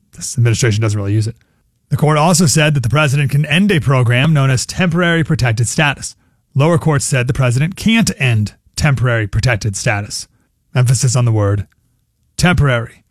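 A man's voice: medium pitch, no echo, studio quality. A man anchoring a radio news roundup with a punchy, opinionated delivery.

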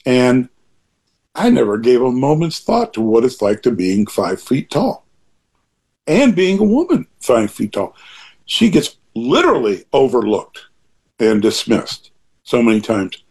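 An older man with a husky, slightly breathy voice speaks as an interview guest. He talks in an earnest, rambling way, circling back and restarting his sentences. His pitch sits in an ordinary middle range. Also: sing-song, a little slow, darkish tone. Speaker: author guest being interviewed. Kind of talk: reflective interview talk.

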